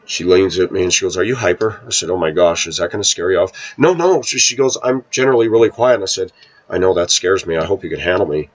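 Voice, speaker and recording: A man talking casually to his viewers, telling a rambling personal story and often clearing his throat. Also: deep voice, fast talker, highs cut off. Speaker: vlogger. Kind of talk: casual monologue to camera.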